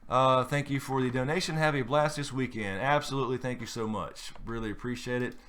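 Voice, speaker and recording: A man's voice: mid-range voice, steady tone, brisk, a bit bright. Man, live stream host, casual chat, rambling, filler-heavy. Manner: rambling, many fillers and restarts.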